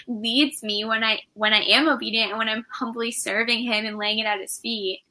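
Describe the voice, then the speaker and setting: A woman's voice: fairly high pitch, steady tone, moderate pace, pushed and bright. A young woman in her twenties giving a devout, earnest testimony as a podcast guest. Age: 20s. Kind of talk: testimony in conversation.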